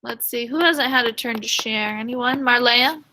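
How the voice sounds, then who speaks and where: Her voice is high and very bright as she reads a picture book aloud with animation during a reading lesson held over a video call, pausing to ask her class questions. She keeps a moderate pace, and the audio has a video-call quality.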